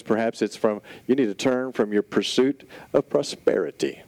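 A man preaching a sermon in an animated, conversational storytelling style, full of casual asides. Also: medium pitch, normal speed, rough recording. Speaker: pastor.

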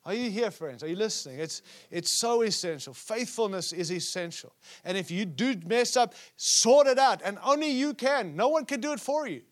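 A man preaching a sermon at a conference, acting out scripture quotes and dropping to a hush at times. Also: high voice, expressive, moderate pace, hardly any pauses. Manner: preaching with sudden drops to a hushed voice; acts out quoted speech from scripture stories. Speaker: conference speaker. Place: conference hall.

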